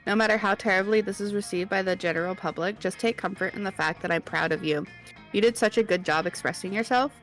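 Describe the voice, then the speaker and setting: A woman voicing a smooth-talking young male brand manager with an upbeat, persuasive manner. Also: medium pitch, fast, a bit bright, soft background music, lightly acted. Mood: soothing.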